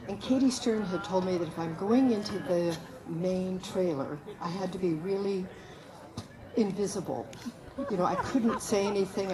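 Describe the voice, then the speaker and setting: A woman telling a lively personal story at a memorial gathering, acting out the people she quotes. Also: on the low side, rough recording. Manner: animated, acts out quoted voices. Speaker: memorial speaker.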